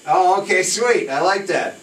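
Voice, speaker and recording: A man hosting a radio show in casual on-air chat, lively and emphatic, laughing often. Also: high voice, normal speed. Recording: echoey, distant, faint noise.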